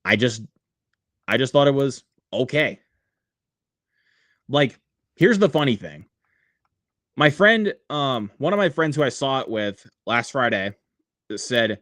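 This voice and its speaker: A man's voice: medium pitch, very animated, unhurried, long pauses, fairly bright tone, no echo, studio quality. A man hosting a casual livestream, rambling with many fillers and reading viewer comments aloud. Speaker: livestream host.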